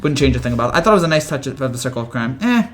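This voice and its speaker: A man's voice: mid-range voice, very animated, racing. A man hosting a casual live chat from home, answering viewer comments in a rambling way, with frequent restarts and chuckles, and keeping his voice down. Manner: talks quietly to avoid waking family. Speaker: host.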